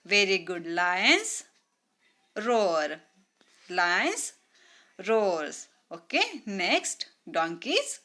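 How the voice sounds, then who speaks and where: A woman teaching a grammar lesson to young children, slow and deliberate, repeating words and mimicking animal sounds. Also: medium pitch, big pitch swings, bright, forceful tone.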